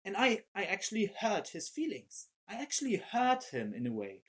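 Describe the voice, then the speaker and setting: A man preaching a sermon in an animated way, often repeating words as he searches for the right phrase. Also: sits high, moderate pace, husky.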